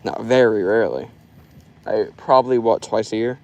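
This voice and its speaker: A man's voice: fairly low pitch, moderate pace, low-quality recording. A young man from Florida chatting loosely through a fishing live stream outdoors, filling his talk with "like". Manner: loose and rambling, full of "like". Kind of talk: casual live stream chat. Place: outdoors by a river.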